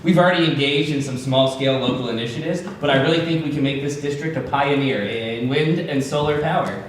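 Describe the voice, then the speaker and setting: A man's voice: mid-range voice, brisk, a little hiss or hum. A man playing an earnest political candidate in a comedy sketch, hesitant and stammering. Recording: echoey room, distant mic.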